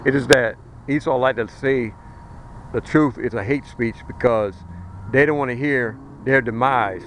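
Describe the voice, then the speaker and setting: A man's voice: medium pitch, unhurried, fairly bright tone, a little hiss or hum, low-quality recording. A man preaching a fiery street sermon outdoors, blunt, colloquial and emphatic as he warns his listeners.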